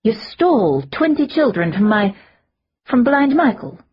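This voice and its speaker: A grieving fae noblewoman, read by a woman in an audiobook, speaks in a strained, pleading voice. Her voice sits higher than the narrator's and has a husky edge. The audio is slightly muffled. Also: expressive, a little slow, exaggerated voice. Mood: alarmed.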